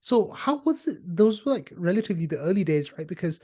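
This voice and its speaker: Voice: medium pitch, very animated, a little fast, mellow, no echo, studio quality. A podcast host in casual interview chat, eager and chatty with lots of "like".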